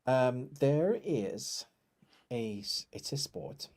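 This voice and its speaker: A man's voice: medium pitch, animated, drawn-out words, a little mellow. A man co-hosting a movie podcast, chatting casually and dropping teasing jokes. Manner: teasing, joking asides. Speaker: podcast co-host. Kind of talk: casual chat.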